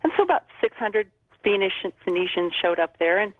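A woman's voice: mid-range voice, very animated, fairly quick, dry recording. Chatty woman caller on a tinny phone line. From Arizona. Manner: chatty, meandering storyteller. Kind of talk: phoning in to a radio show.

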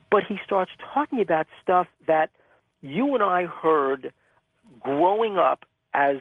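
A man with a somewhat high, gravelly voice tells stories with animated energy. He is heard down a tinny phone line on a radio show, and the sound is close and dry. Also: dry recording. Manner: animated, vivid storyteller. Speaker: guest, magazine publisher. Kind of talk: storytelling interview answers. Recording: phone-line call-in audio.

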